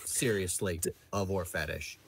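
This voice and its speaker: A man in a casual podcast chat, dropping low, deadpan asides. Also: unhurried, creaky, slightly rough. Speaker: podcast participant.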